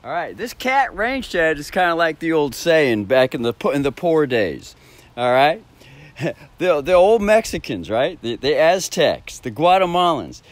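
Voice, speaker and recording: By a backyard shed at home, a man with a fairly high, sing-song voice tells a rambling story at a measured pace, with no room sound. Frequent laughter breaks up his phrases, he swears freely and he often restarts.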